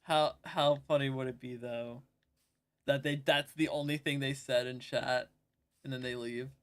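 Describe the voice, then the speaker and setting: A woman's voice: very deep voice, steady tone, a little slow. A woman chatting and joking playfully with a friend on a live gaming stream. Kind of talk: casual gaming stream chat.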